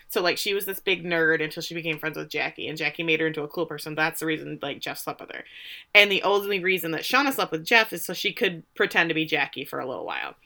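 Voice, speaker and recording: A woman's voice: deep voice, gravelly. A woman co-hosting a casual podcast, recapping an episode and acting out the characters' lines. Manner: animated, acts out characters' lines. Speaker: podcast co-host.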